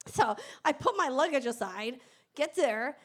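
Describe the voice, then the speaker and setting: A woman founder telling her own story on stage in a candid, animated way, swearing and laughing as she goes. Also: high voice, a little slow. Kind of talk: live stage storytelling talk. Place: event stage before an audience.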